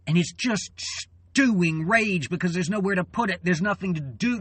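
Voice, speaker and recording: A man in an angry, swearing political rant, tired and fuming, halting and then bursting out loud. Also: high voice, breathy edge, no echo. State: weary and fuming. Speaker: channel host.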